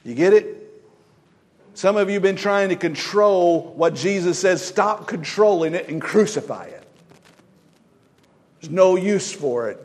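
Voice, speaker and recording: A man's voice: high-pitched, animated, a little slow, pauses often, darkish tone. Emphatic male pastor preaching. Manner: emphatic, exhorting, repetitive. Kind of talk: sermon.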